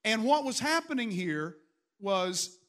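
A man's voice: sits high, sing-song, takes it slowly, fairly bright tone. A man, a pastor preaching a storytelling sermon to his congregation with bursts of raised emphasis. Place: church in front of a congregation.

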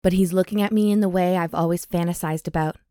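Low-voiced woman podcast co-host. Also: steady tone, warm tone, dry recording, studio quality. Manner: reads steamy passages slowly with breathy emphasis, laughs often. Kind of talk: casual chat and reading a romance novel aloud.

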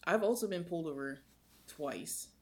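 Young woman, podcast co-host, gravelly fry, lively storyteller. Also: moderate pace. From United States. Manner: animated, swings in pitch while telling a story. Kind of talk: casual storytelling chat.

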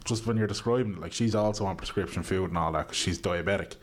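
A man co-hosts a podcast in relaxed, chatty conversation. His voice sits low, and he laughs easily while telling stories. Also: quick pace. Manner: easygoing, chatty, laughs along. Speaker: podcast co-host. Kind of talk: casual chat.

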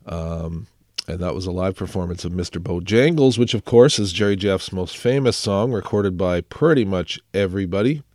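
A man's voice: sits low, moderate pace, a little mellow, no room sound, clean studio sound. A man hosting a music radio show while sick, chatting casually in a rambling, self-deprecating way with many fillers. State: sick, under the weather. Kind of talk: casual radio chat introducing songs.

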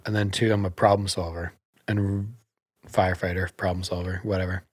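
Realtor guy on a podcast, kinda low voice, dry close sound, chatty and laughing a lot. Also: moderate pace, no echo. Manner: animated storyteller, laughs often. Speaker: realtor guest. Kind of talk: casual podcast chat.

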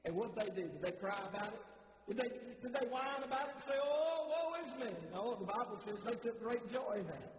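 A male preacher with a strikingly high voice delivers a fervent sermon, stumbling and restarting as he presses his point. He is heard in a big church hall with a long echo. Faint noise sits under the recording. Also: quick pace. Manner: fervent, repetitive, stammering restarts.

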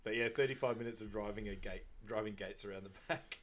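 An Australian man co-hosting a casual film recap chat over an online call, slangy and quick to laugh. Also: lowish voice. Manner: laughs often, relaxed, slangy. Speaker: podcast co-host.

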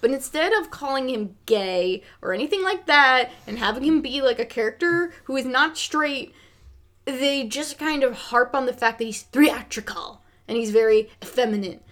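In a casual film review chat, a woman co-hosting a podcast talks frankly about a movie. Her voice is high-pitched, expressive and a bit bright, at a moderate pace, full of filler words with the occasional swear.

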